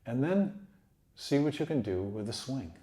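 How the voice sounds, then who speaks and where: A man teaching trumpet in a relaxed, encouraging way, sometimes singing rhythms aloud. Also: medium pitch, measured pace. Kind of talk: relaxed instructional talk. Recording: echoey room.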